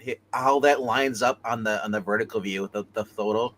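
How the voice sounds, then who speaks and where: A man's voice: on the low side, brisk, fairly bright tone, a little hiss or hum. A man co-hosting a casual livestream, rating comic covers and reading chat comments, laughing often.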